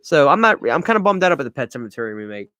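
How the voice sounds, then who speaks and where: A young man from Louisiana with a Cajun accent, hosting a relaxed live Q&A, rambling as he reads viewers' comments aloud. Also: mid-range voice, racing, dry recording. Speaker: livestream host answering chat. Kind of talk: casual live Q&A chat.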